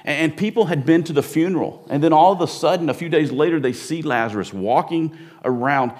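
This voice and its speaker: A man preaching a sermon, speaking in an animated way with frequent repeats and restarts. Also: on the high side, fairly quick. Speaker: pastor.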